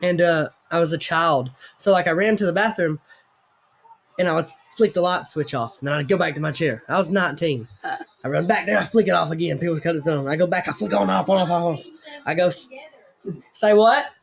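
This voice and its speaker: A man's voice: on the high side, fairly quick, gravelly, a little hiss or hum. A man hosting a casual chat, telling a rambling, profane, self-mocking story. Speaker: host.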